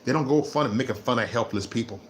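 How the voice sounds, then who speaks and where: A man ranting on his vlog, repeating himself and swinging between low muttering and loud laughing outbursts. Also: fast, slight background noise. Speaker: vlogger. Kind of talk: unscripted livestream rant.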